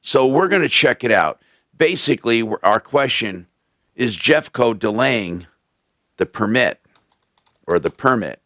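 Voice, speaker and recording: A man hosting a call-in radio show, animated and quick to interrupt with questions. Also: mid-range voice, no echo. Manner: animated, interrupting, exclaims in disbelief. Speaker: radio talk show host. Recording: dull lo-fi radio stream.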